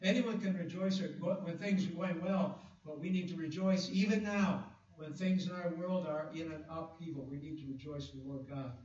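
Man preaching, sermon, high voice, slow emphatic scripture reading, very echoey room, dull sound. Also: fairly even intonation, a little mellow, distant mic. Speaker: pastor.

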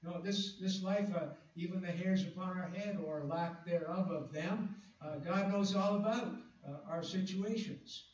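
A man preaching a sermon, reading scripture slowly and with emphasis, with fillers and restarts. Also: high-pitched, darkish tone. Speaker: pastor. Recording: echoey, distant, dull room recording.

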